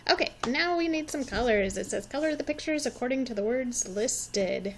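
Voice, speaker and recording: Woman, 40s, patient teacher for kids, slow and encouraging, slightly high voice, faint background hiss. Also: lively intonation. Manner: encouraging, repeats words for children to echo. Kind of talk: slow, patient classroom instruction.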